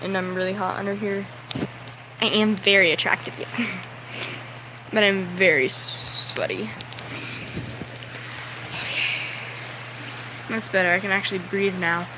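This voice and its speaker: A man's voice: high-pitched, fairly even intonation, slow pace, long pauses, noisy background. A young man telling a story on a livestream, nervous and sweaty, talking in a rambling way full of "like" and acting out the people in his story.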